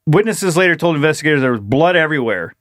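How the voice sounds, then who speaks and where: A man's voice: on the high side, lively intonation, fast, a bit bright, no room sound, studio quality. A man co-hosting a comedy podcast, reading a news story aloud in pieces and breaking off to joke and laugh. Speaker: podcast co-host. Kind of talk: casual comedic chat, reading news stories.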